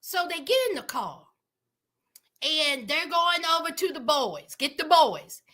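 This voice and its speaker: Woman, sassy recap host, very high voice, bright and sharp, animated. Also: a little slow. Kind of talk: casual comedic commentary.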